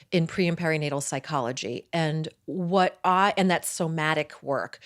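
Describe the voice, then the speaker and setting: Woman in her 40s, interview guest, excitable, talkative, personal storytelling. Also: low-pitched, clean tone. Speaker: guest, midwife and acupuncturist.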